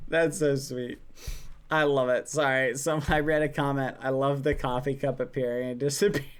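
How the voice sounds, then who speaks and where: A woman streamer, softly reading fan messages aloud, laughing often. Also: very deep voice, clear, resonant tone. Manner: soft, affectionate, laughs often.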